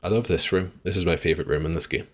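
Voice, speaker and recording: Very deep-voiced man streaming. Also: fast. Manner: chatty, swears freely, reacts loudly to the game and chat. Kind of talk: live gameplay commentary.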